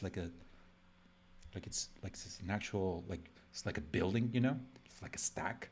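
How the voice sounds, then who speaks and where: Low-voiced man chatting while he draws. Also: moderate pace, slight background noise. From Mexico. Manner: rambling and joking, heavy use of "like". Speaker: illustrator streaming a live drawing session. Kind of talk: casual live-stream chat while drawing.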